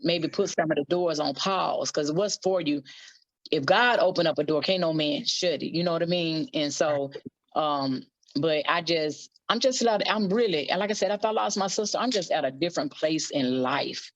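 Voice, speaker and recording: A woman's voice: deep voice, normal speed, no room sound. Woman, gospel singer guest, blunt colloquial talk, dry, muffled audio. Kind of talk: candid casual interview talk.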